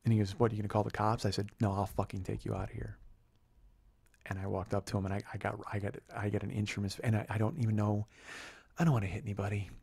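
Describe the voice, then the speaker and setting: A man's voice: fairly low pitch, little pitch movement, racing, a little mellow, breathy edge, no echo. A man in his forties, a comedian host telling a heated, profane story and acting out the dialogue.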